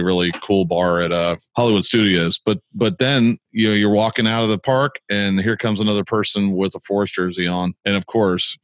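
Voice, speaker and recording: A man co-hosting a podcast, telling stories in an animated, casual way and often repeating words as he starts. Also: low-pitched, no echo, clean studio sound. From United States. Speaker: podcast co-host.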